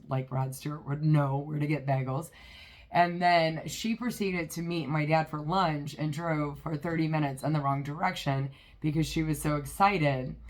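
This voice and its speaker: Female vlogger, low-pitched, relaxed rambling anecdote delivery. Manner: chatty, rambling with many fillers. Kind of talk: casual storytelling.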